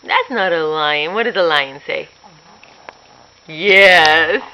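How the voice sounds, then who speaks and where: Mom doing slow playful baby talk to her kid, bright voice, laughs a lot. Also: deep voice, poor audio. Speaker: mother. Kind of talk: talking to a toddler at home.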